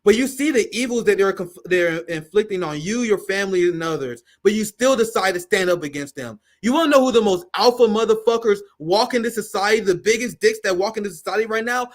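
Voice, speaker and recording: A man's voice: high voice, fast, hardly any pauses. Fiery, cursing man host. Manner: fiery, profane, emphatic ranting. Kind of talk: livestream political commentary.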